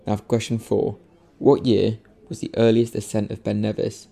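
A man's voice: on the low side, monotone, moderate pace, creaky, mellow. A man hosting a casual podcast, jokey and self-mocking as he introduces clips. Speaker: podcast host.

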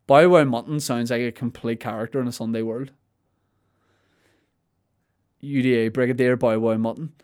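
A man's voice: medium pitch, fairly even intonation, normal speed, pauses often, a little mellow, clean tone. Comedy guy riffing away on his podcast, playful and swearing a lot.

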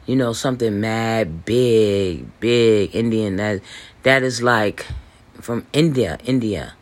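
A man hosting a podcast, talking in a loose, boastful monologue full of fillers, restarts and swearing, with hiccups and throat clearing. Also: lowish voice, takes it slowly. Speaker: podcast host. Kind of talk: rambling casual monologue. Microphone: voice message recording.

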